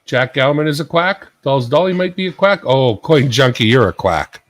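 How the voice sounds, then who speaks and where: A man's voice: mid-range voice, animated, moderate pace, no room sound, rough recording. A man hosting a casual live stream, commenting in a joking, self-mocking, chatty way. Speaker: livestream host.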